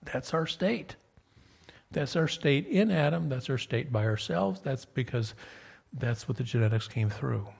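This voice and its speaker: A man's voice: mid-range voice, animated, a little slow, creaky, darkish tone, husky. A man in his fifties preaching a sermon, telling stories in a conversational way and often checking in with "okay?". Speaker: pastor.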